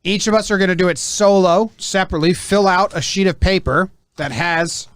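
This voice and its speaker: Slightly high-voiced man chatting loosely. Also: brisk, fairly bright tone, dry recording, studio quality. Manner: loose and hedging, full of "like". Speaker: podcast host. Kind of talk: casual chat.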